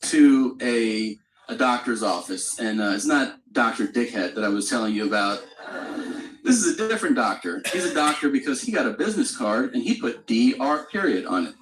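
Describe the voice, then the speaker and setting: A male comedian working a club stage, telling a story in a relaxed, chatty way and slipping into other people's voices for the punchlines. The sound carries the room around him. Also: medium pitch, normal speed, reverberant, noisy background. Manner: conversational storytelling with crude humor and acted-out quotes. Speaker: stand-up comedian. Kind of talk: stand-up comedy set.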